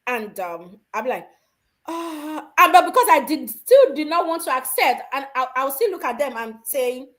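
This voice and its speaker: A woman from Africa telling personal parenting stories, animated and laughing often. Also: high-pitched, normal speed. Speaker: guest mother. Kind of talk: casual storytelling.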